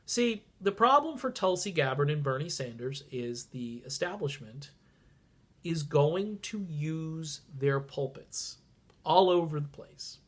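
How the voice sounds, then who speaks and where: A man's voice: on the high side, lively intonation, slow. A man with a congested, stuffy voice, talking casually and sarcastically on a political vlog, swinging from mutters to sudden outbursts. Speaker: political vlogger.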